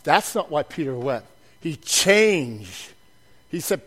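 A high-pitched man delivers a lively sermon as a pastor. He drops to near-murmurs for asides, then builds to loud, emphatic declarations. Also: takes it slowly. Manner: dynamic delivery swinging from soft asides to loud emphatic preaching.

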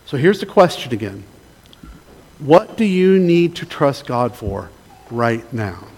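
Gentle male pastor leading a reflection. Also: medium pitch, very animated, slightly rough. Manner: gentle, pausing, invites the congregation to respond. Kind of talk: sermon with scripture reading and prayer.

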